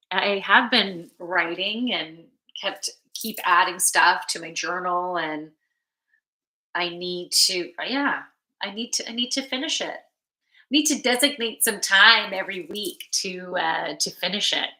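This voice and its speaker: Bright-voiced woman giving a sleepy card reading. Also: lowish voice, a little slow, reverberant. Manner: relaxed, rambling, reads and answers chat. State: sleepy, yawning. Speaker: spiritual card reader and yoga teacher. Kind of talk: live-stream card reading, chatting with viewers.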